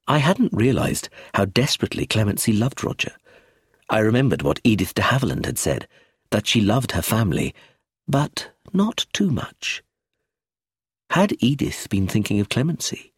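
A man reading a novel aloud as first-person narrator, measured and expressive. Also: fairly low pitch, husky, dry recording, clean studio sound. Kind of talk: audiobook narration.

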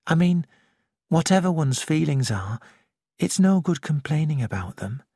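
A reader voicing a quiet, honest young woman who speaks softly and earnestly, in an audiobook. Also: medium pitch, sing-song, moderate pace, breathy edge, no echo, clean studio sound. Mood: gentle. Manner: soft, gentle, earnest.

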